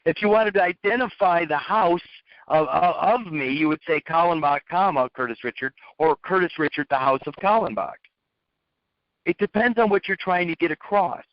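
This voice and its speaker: A man's voice: a little high, normal speed, no room sound. A man giving a lecturing monologue, posing rhetorical questions and repeating his phrases for emphasis. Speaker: speaker. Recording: dull, dry lo-fi recording.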